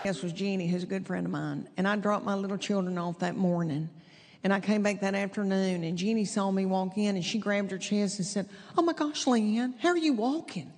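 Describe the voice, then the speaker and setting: A middle-aged woman from East Tennessee with a Southern accent, telling chatty, self-deprecating stand-up stories in a drawn-out folksy way. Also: mid-range voice, steady tone, a little mellow. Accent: Southern American (East Tennessee). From East Tennessee, USA. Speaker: stand-up comedian. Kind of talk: stand-up storytelling. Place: large theater stage with audience. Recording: long hall reverb, clear audience ambience.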